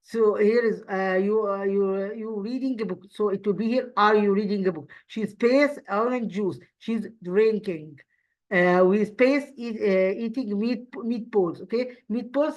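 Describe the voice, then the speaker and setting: A woman whose first language is Arabic teaches English grammar in a steady, mid-pitched voice. She says each model sentence again and again, stopping to restart and fill pauses. The recording sounds a little dull and lo-fi. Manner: repeats model sentences slowly, many restarts and fillers. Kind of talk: online grammar lesson.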